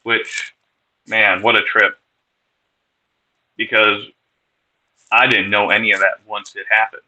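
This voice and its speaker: Slow, bright-voiced man telling his story. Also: fairly low pitch, flat delivery, rough recording. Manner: candid, profane, wry storytelling. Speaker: podcast guest sharing his recovery story. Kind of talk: casual personal storytelling.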